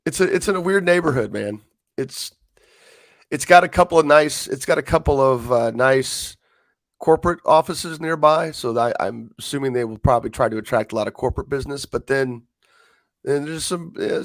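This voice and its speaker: A man with a hoarse voice from a cold, talking basketball and local news as a coach and analyst on sports radio. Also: mid-range voice, expressive, a little fast, no echo. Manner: rambling, restarts sentences. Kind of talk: casual sports radio chat.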